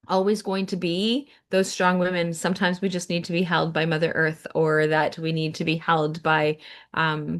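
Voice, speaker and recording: A woman sharing reflectively in a group video call, rambling with many fillers. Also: low-pitched. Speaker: circle participant.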